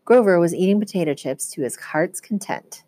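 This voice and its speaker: A woman teacher reads a novel aloud in a lowish, even storytelling voice. She carries the first-person narration steadily from line to line. The sound is dry, close and free of room echo. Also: moderate pace. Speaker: teacher reading to students.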